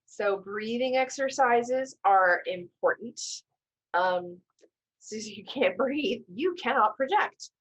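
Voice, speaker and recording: A woman teaching a storytelling class on a video call, coaching with gentle reassurances and casual self-corrections. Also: on the high side, expressive, slow, highs cut off. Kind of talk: live online class, instructive and conversational.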